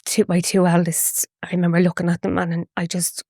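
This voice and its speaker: Halting woman, low and dry. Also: completely flat delivery, a little mellow, no room sound. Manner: halting, emotional, restarts often. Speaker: podcast guest. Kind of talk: personal storytelling.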